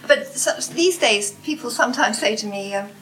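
Older actress, chatty anecdotes, higher voice, echoey hall, distant mic. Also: female voice, animated, moderate pace, a bit bright. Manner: chatty, laughs often, acts out quoted voices. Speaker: guest actress. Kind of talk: anecdotal stage talk. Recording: roomy hall, distant mic, faint noise.

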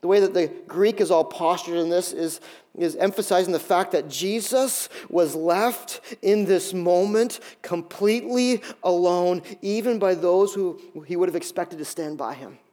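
A middle-aged male pastor giving an animated sermon, acting out scenes with quick voices. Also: high-pitched.

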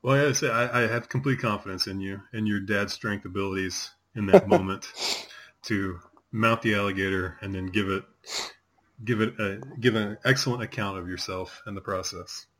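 A man's voice: fairly low pitch, fairly even intonation, moderate pace. A man in his forties chatting casually as a host, telling rambling stories with many fillers. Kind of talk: casual chat.

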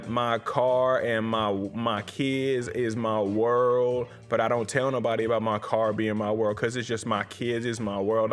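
A man's voice: mid-range voice, fairly bright tone, close to an everyday voice. A man voicing a brassy, boastful working mother who brags about payday and her kids in a sassy, sing-song way. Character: brassy boastful working mom, adult woman.

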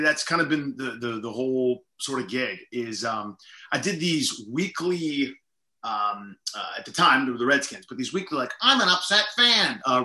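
A man's voice: mid-range voice, sharp tone, echoey room. A middle-aged man, a comedian guest, telling stories in a rambling, self-deprecating way full of "like" and "you know". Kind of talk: casual storytelling interview.

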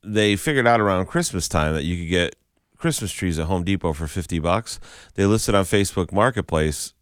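A man with a low, smooth and resonant voice, co-hosting a morning radio show. He tells stories in easy banter and acts out the lines of the people in them. The sound is dry and close. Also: animated, normal speed, dry recording. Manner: storytelling, chatty, acts out quoted lines.

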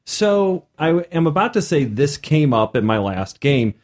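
A man co-hosting a podcast, talking casually as a game master and retelling a session in an animated way. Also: on the high side, normal speed. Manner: animated storytelling.

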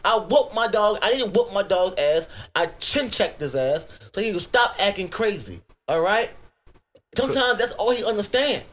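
A young American man with a Virginia accent, co-hosting a crude comedy podcast, telling stories in an animated, profane rant. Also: sits high, moderate pace. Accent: US Southern, Virginia. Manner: profane, animated storytelling with outbursts. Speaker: podcast co-host.

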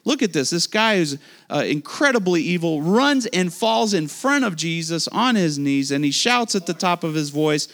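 Man, pastor, lively sermon, asides to the congregation, slightly high voice. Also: moderate pace. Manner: animated preaching with asides to the audience.

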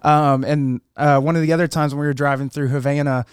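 A young man co-hosting a casual chat, telling lively stories and laughing as he goes. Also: fairly high pitch, brisk, smooth, no room sound, studio quality. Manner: animated, laughs through his stories. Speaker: podcast co-host.

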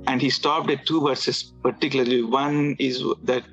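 A man casually telling a personal story, halting and restarting often, with filler words. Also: mid-range voice, steady tone, a bit bright, muffled recording, soft background music. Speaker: guest telling his conversion story.

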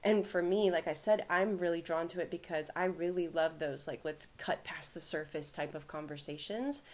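A woman's voice: on the low side, moderate pace. A woman co-hosting a podcast, talking at length in a rambling way with many fillers and frequent laughs. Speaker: podcast co-host. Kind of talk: casual podcast chat.

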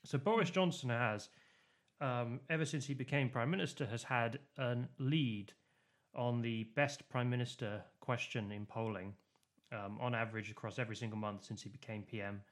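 A man's voice: mid-range voice, normal speed. A man co-hosting a podcast, explaining voting and polls in a casual, rambling way with many fillers and restarts. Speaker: podcast co-host. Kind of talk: casual political chat.

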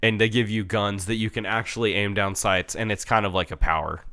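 A young man in casual chat, excitedly reviewing a game with lots of swearing and restarts. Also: on the low side, brisk, clean tone. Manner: excitable, profane, rambling with restarts. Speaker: podcast co-host reviewing a game.

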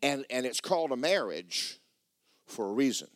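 A pastor, preaching a sermon and telling a personal story with emotion, often repeating himself and speaking straight to the congregation. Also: male voice, medium pitch, sing-song, moderate pace, dry recording.

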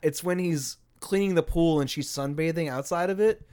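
Relaxed man with dry wit. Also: a little high, normal speed, smooth. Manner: relaxed, dry, wry remarks. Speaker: podcast co-host. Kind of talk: casual chat.

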